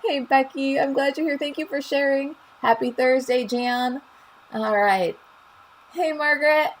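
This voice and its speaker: A woman's voice: high-pitched, measured pace, low-quality recording. A woman with a Chicago accent talks through a live stamping craft stream in a chatty, upbeat way. She greets viewers by name and laughs easily, with a faint hum of noise behind her. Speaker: stamping craft demonstrator and show host.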